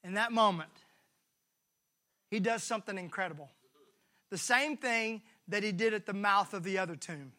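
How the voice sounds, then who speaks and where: A man pastor preaching a sermon, repeating his phrases for rhythm and swinging from shouts to hushed lines. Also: high voice, fairly quick. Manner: acts out the voices of the people in the story.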